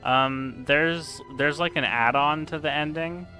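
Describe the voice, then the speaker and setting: A man's voice: fairly high pitch, a little slow, bright, forceful tone, faint music behind. Chatty man streaming a game. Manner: chatty, answers chat, laughs often. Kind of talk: casual live-stream commentary.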